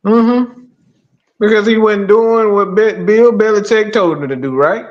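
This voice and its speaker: A man's voice: sits high, measured pace, muffled recording. A man co-hosting a casual live sports stream who talks emphatically and swears freely as he makes his point. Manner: emphatic, profane, lively rants. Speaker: podcast co-host.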